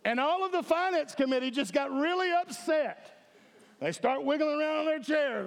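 Man, pastor, high voice, emphatic sermon delivery, reverberant church sanctuary. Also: expressive, moderate pace, vocal fry. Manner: emphatic, calls for audience response. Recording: echoey hall with long reverb.

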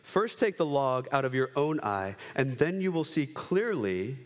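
A man in his thirties preaching a sermon, animated, acting out quick voices of kids and himself. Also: mid-range voice. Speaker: pastor. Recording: long hall reverb.

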